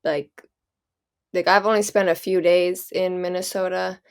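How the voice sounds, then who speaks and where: A woman's voice: fairly low pitch, level tone, a little slow, clean tone. A young woman co-hosting a casual podcast, thinking aloud with constant "like" and many restarts. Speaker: podcast co-host. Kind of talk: casual chat.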